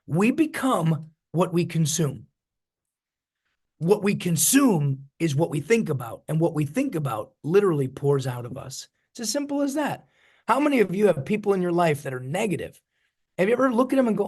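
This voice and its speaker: A middle-aged man giving an energetic, preachy motivational talk on a video call as a network marketing mentor, repeating his key phrases. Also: sits high.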